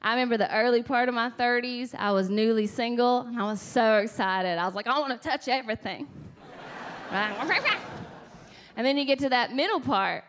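A woman's voice: a little high, moderate pace, a bit bright, slight background noise. Wry woman comic in her thirties. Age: 30s. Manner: conversational, wry. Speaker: stand-up comedian. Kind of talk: stand-up set. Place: comedy club stage.

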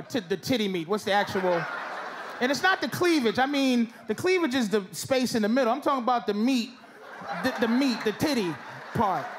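A middle-aged man doing a stand-up set, loud and teasing as he banters with the audience. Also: very high-pitched. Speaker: stand-up comedian. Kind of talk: stand-up set with crowd work. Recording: live club recording with crowd noise. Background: audience laughter.

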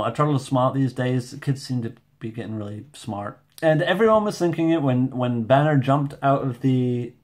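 A man reviewing a movie in a casual vlog at home, rambling, excitable and self-deprecating. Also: medium pitch. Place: home room with shelves.

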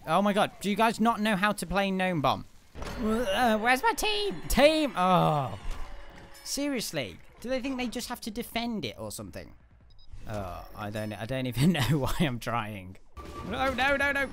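A young man giving excitable let's-play commentary, laughing often and yelling at his teammates. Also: high-pitched, normal speed, faint music behind. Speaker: gaming video host.

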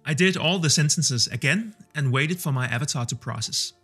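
A man in his thirties talks in a candid, conversational vlog style. His voice sits a little high and carries a slightly husky edge. Faint music plays beneath him. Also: lively intonation, moderate pace, a bit bright. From Denmark. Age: 30s. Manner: conversational, self-deprecating and candid. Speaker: video creator testing AI tools. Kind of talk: casual vlog talk. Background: faint background music.

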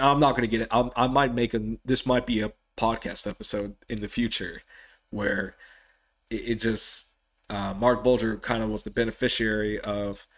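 A man hosting a casual solo sports podcast, rambling with frequent restarts and animated bursts of excitement. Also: lowish voice, gravelly. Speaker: podcast host.

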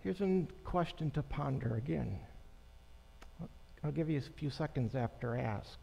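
Slow-preaching man in an echoing church. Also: medium pitch, animated, creaky, dark tone. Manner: conversational, unhurried preaching with pauses and asides to the congregation. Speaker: pastor. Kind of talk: sermon. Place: church sanctuary. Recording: long church reverb.

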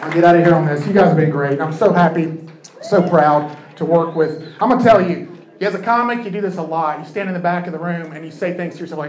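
High-voiced man doing stand-up. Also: a little mellow. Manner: quick, conversational storytelling. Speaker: stand-up comedian. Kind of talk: stand-up comedy set. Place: comedy club stage. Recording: echoey club with crowd and noise.

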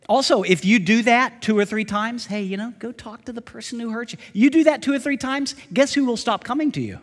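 Male pastor, sermon, direct questions to the congregation, high voice, long reverb in a church sanctuary. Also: animated, fairly quick.

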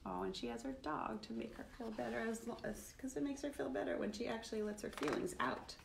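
A middle-aged woman reads a picture book to children, her voice swooping up and down as she plays out each feeling. Her tone is playful and warm with a bright storyteller bounce. Faint noise sits behind her. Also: fairly high pitch, quick pace, vocal fry. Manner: animated and playful, acting out feelings. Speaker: children's musician hosting a livestream. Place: at home, live streaming.

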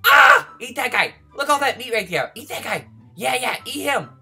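A man voicing a lonely, needy baby male dinosaur in a game role-play, whiny and begging for friends, breathy and childlike. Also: extremely high pitch, very animated, normal speed, soft background music, full character voice. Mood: panicked. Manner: whiny, begging for friends, turning to frantic yelling when chased. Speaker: gaming video host.

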